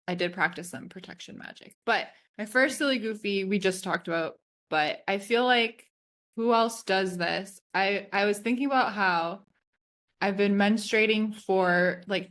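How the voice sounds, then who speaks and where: A woman in her thirties co-hosts a podcast, chatting casually and telling stories full of "like" while laughing often. Her voice is medium-pitched, fairly bright and at normal speed.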